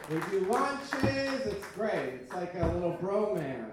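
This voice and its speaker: A man's voice: high-pitched, big pitch swings, unhurried, hardly any pauses, background noise. A man doing a stand-up set on a club stage, teasing and crude, recorded live from across the room. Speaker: stand-up comedian. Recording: echoey club taped from far off.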